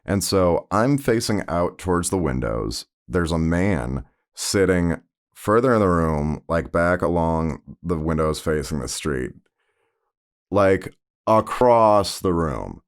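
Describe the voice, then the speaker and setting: A man hosts a personal storytelling podcast, talking in a loose, rambling way full of fillers. His voice sits very low with a gravelly edge. It moves up and down a lot as he tells the story. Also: lively intonation, slow. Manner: conversational, rambling with many fillers. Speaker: podcast host.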